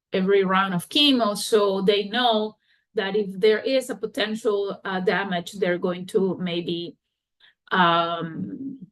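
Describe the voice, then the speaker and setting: Woman podcast host, mid-pitch voice, candid and halting, retelling her own story with feeling. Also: fairly bright tone. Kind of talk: personal storytelling monologue.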